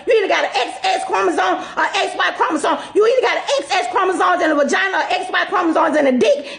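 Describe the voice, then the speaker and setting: Furious high-voiced woman ranting profanely. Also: vocal fry. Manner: laughing scornfully while ranting. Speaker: social media creator. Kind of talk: angry social media video rant.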